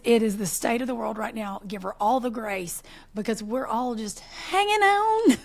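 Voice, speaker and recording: A woman in her forties co-hosting a podcast, telling animated stories in casual chat and laughing often. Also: on the high side, creaky. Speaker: podcast co-host.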